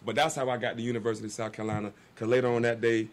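A man, a guest telling a long story in casual talk on a radio show, animated and acting out the people he quotes. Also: mid-range voice, rapid-fire.

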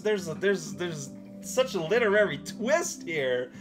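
A man's voice: sits high, very animated, unhurried, music in the background. A man casually commentating on a video game as he plays, rambling and giggling through jokey asides. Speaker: let's play commentator.

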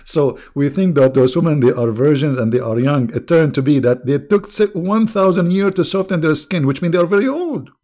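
A man's voice: on the high side, lively intonation, fairly quick, few pauses, mellow. A man with an Arabic accent, hosting an online debate show and delivering a sarcastic, mocking commentary monologue full of laughter. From Arab world.

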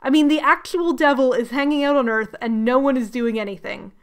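A young woman recapping a book with comedy, sarcastic, animated and self-mocking. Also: high voice, fairly quick, clean tone. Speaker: book reviewer.

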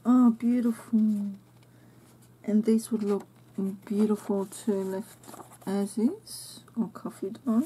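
A woman host of a crafting channel, unboxing a craft swap package and gushing over each item in soft exclamations and whispers. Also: medium pitch, fairly even intonation, slow, a little hiss or hum.

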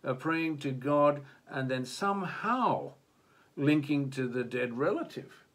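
A man's voice: medium pitch, expressive, slow pace, a bit bright. A man co-hosting a casual talk on religion, speaking hesitantly with many restarts and fillers. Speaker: co-host of religion discussion. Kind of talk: casual discussion. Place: Japan.

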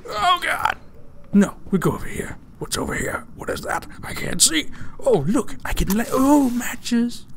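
A man's voice: very high-pitched, very animated, moderate pace, vocal fry, slight background noise. A man giving casual let's-play commentary on a horror game, joking and muttering to himself. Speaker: gamer playing a horror game.

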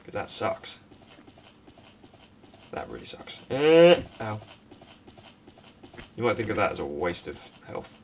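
A man's voice: low-pitched, animated, fairly bright tone, slightly rough, far from the mic. Sarcastic man narrating a game from afar. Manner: sarcastic, self-mocking, quick outbursts at the game. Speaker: gaming commentator. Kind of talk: let's play commentary.

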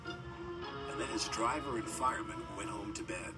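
A middle-aged man narrating a children's storybook in a calm, even manner. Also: fairly low pitch, measured pace. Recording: distant voice under loud music.

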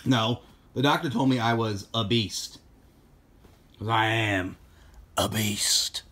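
A man's voice: medium pitch, unhurried, fairly bright tone. A man vlogging with his wife, joking, teasing and grumbling in casual family banter. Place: at home and outdoors on the street.

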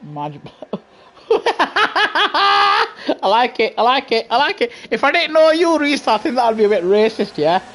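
A man's voice: very high voice, sing-song, unhurried, sharp tone. Slangy, laughing gaming streamer man. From England. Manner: playful teasing, laughs often, slangy. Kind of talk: live gameplay commentary chatting to a lobby.

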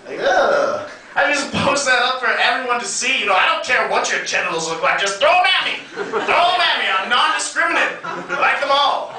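A man performing a crude stand-up comedy set, brash and punchy, with sudden loud bursts. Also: very high voice, big pitch swings, moderate pace. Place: comedy club stage. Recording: echoey club sound from a distant mic, crowd laughter. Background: audience laughing.

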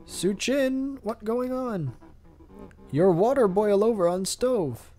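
A man's voice: sits high, animated, slow pace, dark tone, soft background music, voice pushed up. A man voicing a bossy male hotel manager who barks orders in broken English.

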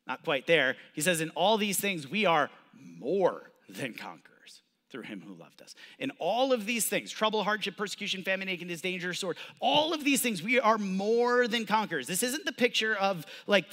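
A man's voice: sits high, very animated, moderate pace, a bit bright, long reverb tail. A man preaching a sermon as pastor, conversational and casual, building up with emphatic repetition. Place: church sanctuary.

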